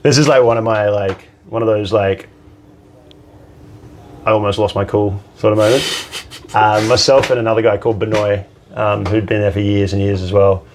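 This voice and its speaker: A man's voice: on the low side, moderate pace, a little hiss or hum. A man, a bartender guest on a podcast, telling stories casually, swearing and acting out the people he quotes. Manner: animated anecdote teller, swears, acts out quotes. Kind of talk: casual storytelling chat.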